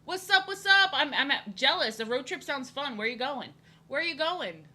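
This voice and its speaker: A woman's voice: high voice, animated, moderate pace, bright, forceful tone. A young woman streaming her drawing, chatting casually in a rambling, playful way, greeting viewers and often stumbling and restarting her words. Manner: frequent stammered restarts. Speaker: art streamer. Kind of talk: casual live-stream chat while drawing.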